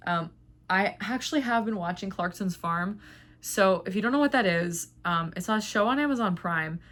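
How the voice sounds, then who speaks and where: A woman's voice: mid-range voice, moderate pace, a bit bright. A woman hosting a knitting vlog, chatting casually and rambling with lots of filler words. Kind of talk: casual chat.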